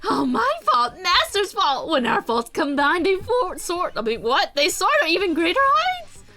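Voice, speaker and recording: A woman's voice: very high-pitched, big pitch swings, normal speed, sharp tone, pitched above the performer's own voice, full character voice. A woman voicing a giddy, unhinged young female killer in a video game, reading her lines with cackling, singsong glee. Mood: gleeful.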